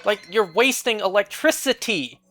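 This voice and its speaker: A woman's voice: medium pitch, lively intonation, normal speed, bright, forceful tone, soft background music. A woman streaming a game and chatting casually, venting in an exasperated way and swearing freely. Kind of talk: casual chat while gaming.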